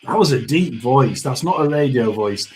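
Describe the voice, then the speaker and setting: A man hosting a casual tarot and spirit box reading. He chats and mutters asides, often clearing his throat. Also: mid-range voice, expressive, moderate pace, darkish tone, a little hiss or hum.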